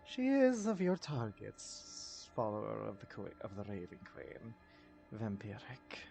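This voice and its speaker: A man's voice: on the low side, wildly swooping pitch, unhurried, gravelly, mellow, soft background music, full character voice. A man doing a grave, formal informant. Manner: archaic, grave phrasing.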